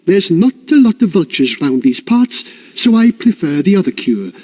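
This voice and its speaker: A man's voice: sits high, sing-song, moderate pace, warm tone. Folksy old village wise woman, rambling and homely, voiced by a man. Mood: chatty.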